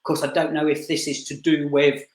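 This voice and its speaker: A man giving a live spirit reading as a medium, talking in halting bursts full of restarts and repeated fillers. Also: on the high side, level tone. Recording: roomy echo.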